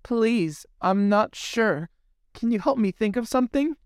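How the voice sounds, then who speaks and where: A man's voice: sits high, expressive, unhurried, clear, resonant tone, no echo, clean studio sound, pitched above the performer's own voice. A man voicing a young mermaid girl who pleads yet holds firm. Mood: pleading. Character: young mermaid princess, determined.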